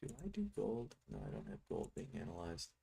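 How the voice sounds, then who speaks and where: A man's voice: low voice, wildly swooping pitch, fairly quick, creaky, warm tone, slightly rough. A middle-aged man giving rambling, teasing live commentary on his trading screen, thinking aloud as he goes. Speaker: futures trading software seller.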